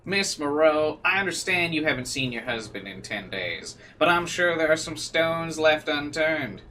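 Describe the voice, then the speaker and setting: A man's voice: on the high side, big pitch swings, moderate pace, sharp tone, a little hiss or hum, pitched above the performer's own voice. A man voicing a stiff, formal divorce attorney writing a letter with a veiled threat.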